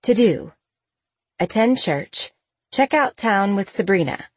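Husky woman reading a novel aloud. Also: medium pitch, animated, slow pace, no room sound. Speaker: audiobook narrator. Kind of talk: scripted narration.

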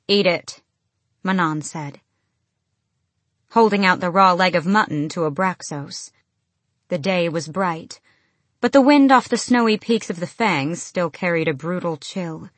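Low-voiced woman narrating a fantasy audiobook. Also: unhurried, no echo.

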